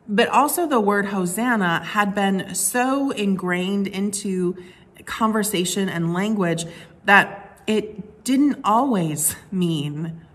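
A woman's voice: medium pitch, fairly bright tone. A woman preaching a sermon in a conversational way, with frequent fillers and restarts. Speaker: pastor.

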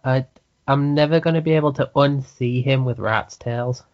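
A man's voice: mid-range voice, fairly even intonation, normal speed. A man co-hosting a casual podcast, making brief, laid-back remarks. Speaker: podcast co-host. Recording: dull lo-fi sound.

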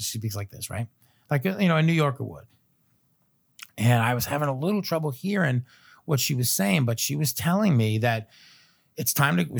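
A man in his thirties, a podcast guest, telling a long personal story in a loose, animated way, full of fillers and little chuckles. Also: mid-range voice. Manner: loose filler-heavy phrasing. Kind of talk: casual storytelling chat.

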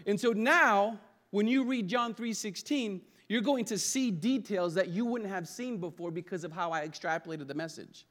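Male pastor, high-pitched, lively conversational sermon delivery with call-and-response, recorded in church. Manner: energetic preaching with call-and-response to the congregation.

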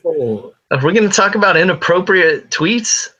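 A man's voice: sits high, expressive, moderate pace, pushed and bright, husky, dull audio. A man co-hosting a wrestling podcast, chatting casually with crude, profane jokes. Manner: crude, joking, profane banter. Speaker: podcast co-host. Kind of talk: casual chat.

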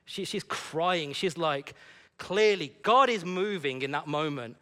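A man preaching a sermon in a church service, telling a personal story in an animated, conversational way. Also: on the high side, measured pace, clear, resonant tone.

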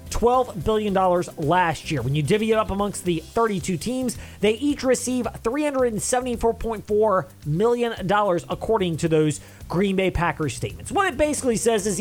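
A man hosting a sports talk show, chatting casually with rambling asides. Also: high voice. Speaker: sports talk radio host.

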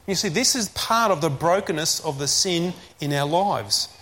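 A man preaching a sermon, repeating key phrases and slowing down to stress commands. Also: on the high side, lively intonation, a bit bright, a little hiss or hum.

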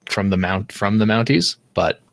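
A man's voice: on the low side, moderate pace, vocal fry, a bit bright, no room sound. A man from Canada, a podcast co-host, explaining legal details in casual chat, with frequent restarts.

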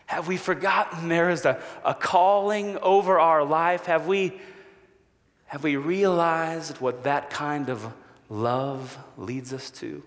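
A man preaching a sermon as a pastor, measured and slow with long pauses, falling to a hushed voice for quoted promises. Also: fairly high pitch, steady tone. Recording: long hall reverb.

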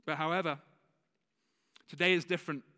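Man, pastor, sermon, slight lisp, conversational, somewhat high voice, long church-hall reverb. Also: fairly even intonation, a little fast, pushed and bright. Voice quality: slight lisp on some words. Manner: conversational, with self-corrections and laughs.

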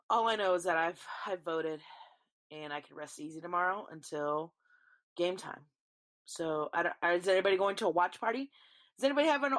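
A woman's voice: lowish voice, a bit bright. A young woman, chatting casually on her podcast, rambling and swearing freely. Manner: rambling, swears freely, talks to listeners as y'all. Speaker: podcast host. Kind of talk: casual solo chat.

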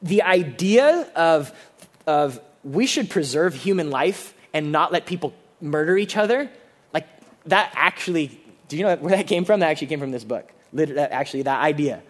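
A man preaching a sermon as pastor, earnest and conversational, with frequent restarts and sudden low, quiet drops for emphasis. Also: lively intonation, normal speed.

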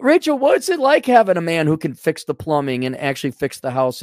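A man's voice: on the high side, wildly swooping pitch, fairly quick, a little mellow, no room sound, clean studio sound. A man hosting a livestream, ranting sarcastically and bluntly while reading out donations. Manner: sarcastic, blunt, acts out imagined dialogue. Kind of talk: casual ranting monologue.

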